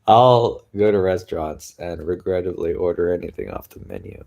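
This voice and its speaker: Here a vlogger chats informally to camera in a low, creaky, slightly mellow voice with lively intonation and a measured pace. He wanders from point to point, laughing and sighing often, and yawns now and then as he's tired.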